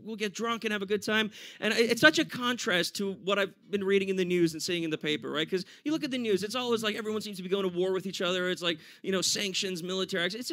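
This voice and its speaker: A man with an American accent doing a standup comedy set for a live audience, animated and laughing often. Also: sits high. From United States.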